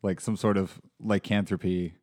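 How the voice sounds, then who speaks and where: A man's voice: sits low, normal speed. A man co-hosting a podcast, chatting casually and mostly backing up his co-host with short replies. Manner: relaxed, mostly brief agreement. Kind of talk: casual recap chat.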